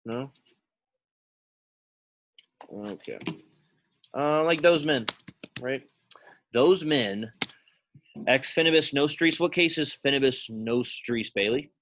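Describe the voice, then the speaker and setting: A man's voice: mid-range voice, takes it slowly, long pauses, a bit bright, a little hiss or hum. A man teaching a Latin class, casually quizzing students by name and thinking aloud as he works through sentences in a classroom. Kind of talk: classroom lesson.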